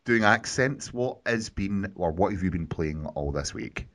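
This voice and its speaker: A man hosting a gaming podcast, introducing his co-hosts in a relaxed, teasing way. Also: sits low, a little slow. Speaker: podcast host. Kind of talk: casual podcast chat.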